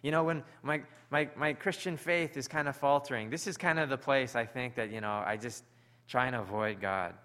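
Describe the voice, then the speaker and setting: A man delivering a sermon in an earnest, conversational manner. His voice is bright and forward, at an ordinary middle pitch. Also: normal speed. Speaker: preacher.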